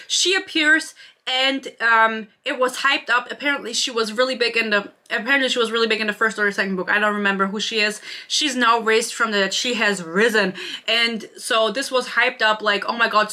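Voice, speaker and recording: Bright-voiced sarcastic young woman ranting. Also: fairly high pitch. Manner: sarcastic, swears freely, mimics characters in quotes. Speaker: book reviewer. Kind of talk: casual book rant.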